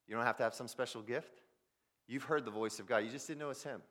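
A man preaching a sermon, swinging between loud emphasis and near-whispers as he speaks directly to his listeners. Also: mid-range voice, fast talker. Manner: addresses listeners directly as "guys". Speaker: pastor.

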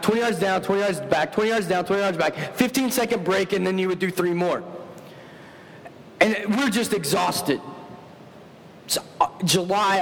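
A man preaching a sermon, telling stories with animated, self-mocking humor. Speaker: pastor. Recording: long hall reverb with faint rumble.

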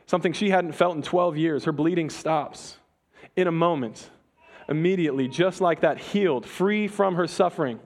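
A man preaching a sermon, retelling a story with dramatic pauses and humor. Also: fairly high pitch.

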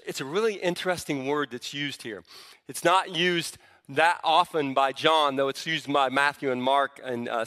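A man with a fairly high, forceful voice preaches a sermon. He speaks with emphasis and often breaks off and restarts words. His voice rings out with the long reverb of a large hall. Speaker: pastor.

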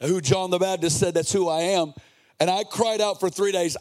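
High-voiced impassioned male preacher. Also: normal speed, darkish tone. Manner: earnest, impassioned preaching that sometimes slips into a sing-song cadence. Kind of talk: sermon.

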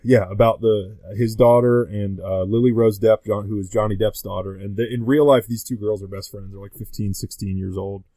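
A man's voice: fairly low pitch, fairly even intonation, brisk, few pauses, dark tone, no room sound. A man guesting on a podcast, chatting casually and rambling with lots of fillers and restarts. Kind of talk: casual chat.

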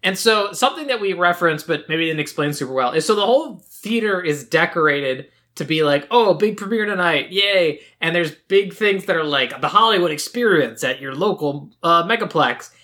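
Bright-voiced man recapping a movie. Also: a little high, animated, a little fast, few pauses. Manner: rambling retelling with acted-out quotes. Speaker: podcast co-host. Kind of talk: casual movie recap chat.

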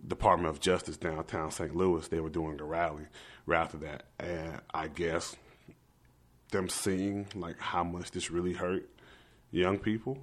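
A man's voice: low-pitched, steady tone, unhurried. A young man earnestly telling a personal story in a conversational interview, acting out the voices of the people he talked with. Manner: earnest, emotional, quotes himself and others. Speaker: activist guest.

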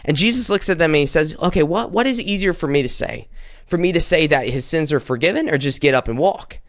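A male preacher delivers a sermon in a casual, conversational way, often restarting and repeating his words. His voice sits somewhat high for a man. The sound is dry and close, with no room echo. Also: animated, fast talker.

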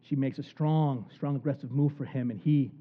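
A man preaching a sermon in an animated storytelling manner, acting out the people in the story. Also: medium pitch, normal speed. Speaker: pastor. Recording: tinny phone-like recording.

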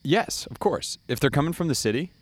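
A man's voice: on the high side, lively intonation, brisk, breathy edge. A man from Connecticut co-hosting a casual chat, ranting with strong opinions. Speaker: podcast co-host.

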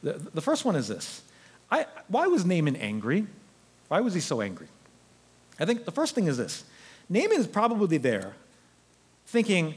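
A man preaching a sermon as pastor in an animated, conversational storytelling way. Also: high-pitched, moderate pace, long pauses, breathy edge.

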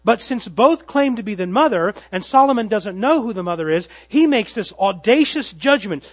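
A man preaching a sermon, telling the story dramatically and swinging from loud emphasis to hushed tones. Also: high voice, expressive, normal speed, hardly any pauses, no room sound, rough recording. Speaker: pastor. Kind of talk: expository sermon.

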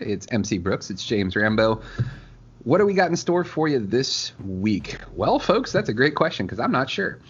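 A man's voice: medium pitch, a bit bright, lo-fi sound. A man hosting a podcast in loose, profane banter, full of "like" fillers and laughter, recorded at a diner. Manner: laughing, swearing, lots of "like" fillers. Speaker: podcast host.

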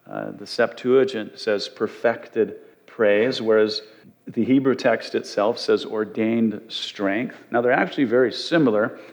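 A man's voice: lowish voice, measured pace, a little mellow. A man teaching from the Bible as a pastor, in a conversational way with frequent fillers and restarts.

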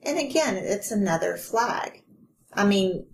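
A woman's voice: mid-range voice, expressive, a little slow, slight background noise. A woman co-hosting a podcast, chiming in with short reactions and comments. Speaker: podcast co-host. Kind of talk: casual podcast chat.

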